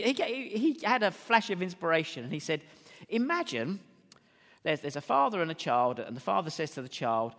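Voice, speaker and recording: A middle-aged man preaches in a hall where his voice rings out with a long echo. He speaks high and with wide, lively swings in pitch. He moves from ringing, emphatic declarations to quieter, conversational stories. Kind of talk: sermon.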